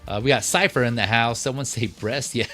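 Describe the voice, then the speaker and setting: A man's voice: medium pitch, brisk, faint music behind. A man hosting a casual livestream about collectible figures, chatting loosely with fillers and restarts. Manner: relaxed, rambling, many fillers and restarts. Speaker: livestream host.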